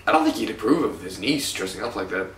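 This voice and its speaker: A man casually commenting on a video game as he plays, excitable, swearing, laughing and yelping often. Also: lowish voice, fast, far from the mic. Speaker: let's play host, player. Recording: roomy, somewhat off-mic, faint hiss.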